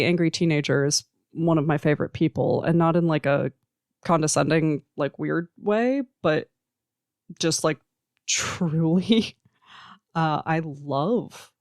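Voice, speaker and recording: Earnest podcaster with a gravelly voice. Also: medium pitch, dry recording, studio quality. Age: adult. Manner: earnest, emphatic, listing points in slow measured runs. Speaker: podcast host who works with teens. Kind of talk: reflective solo podcast monologue.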